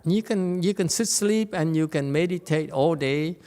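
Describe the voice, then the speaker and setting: A man's voice: on the high side, normal speed, a little mellow, clear, resonant tone. Playful, teasing male Buddhist teacher. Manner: playful, teasing, laughs often, keeps asking "okay?". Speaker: Buddhist teacher giving a Dharma lecture. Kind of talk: informal Dharma talk. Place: temple lecture hall.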